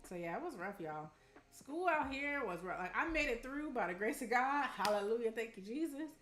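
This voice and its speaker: A young woman from Arizona chatting casually with her live-stream audience, telling animated stories and calling them y'all. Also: on the high side, brisk. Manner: chatty, animated storytelling, addresses chat as y'all. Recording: roomy room with faint music.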